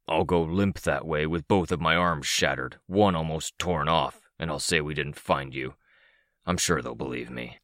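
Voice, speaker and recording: A man's voice: normal speed, fairly bright tone, no room sound. Man voicing hissing sinister monster Cryptid. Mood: mocking. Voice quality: hiss from deep down. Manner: mocking, dismissive. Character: hissing sinister male monster, cold mocking.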